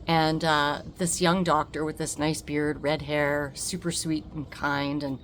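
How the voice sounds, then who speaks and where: Woman vlogging a story, low-ish voice, super emphatic, plays out the convo, slight hiss behind. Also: a little slow. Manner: animated, acts out the dialogue; emphatic, repeats words for effect. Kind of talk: personal storytelling.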